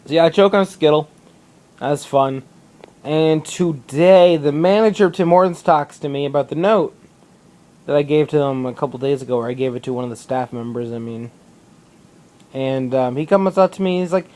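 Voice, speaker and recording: A man's voice: fairly high pitch, moderate pace, a little mellow. Young man rambling and swearing to camera. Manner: rambling, swears a lot, restarts often. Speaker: vlogger. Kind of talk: rambling casual monologue to camera. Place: indoors in a public building.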